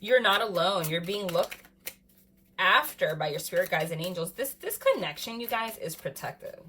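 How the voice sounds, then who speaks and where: Lowish voiced woman doing a tarot reading, gets loud and giggly, says like a lot, bit of noise in the background. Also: normal speed. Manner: excitable, swings from calm to loud laughing outbursts; says "freaking" and "like" often. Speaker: tarot reader. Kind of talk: casual tarot reading to camera.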